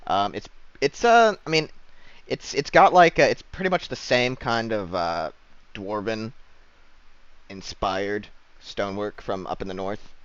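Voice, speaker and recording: A man's voice: on the low side, animated, unhurried, a bit bright, no echo, highs cut off. A man running a tabletop game as game master, explaining things in a loose, rambling way.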